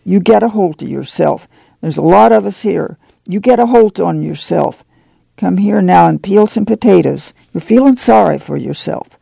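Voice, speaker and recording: A woman's voice: lowish voice, animated, normal speed, creaky, warm tone, husky, no echo, exaggerated voice. A man doing a stern, firm farm mother. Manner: firm and plain-spoken. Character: stern, steady mother of a poor farm family.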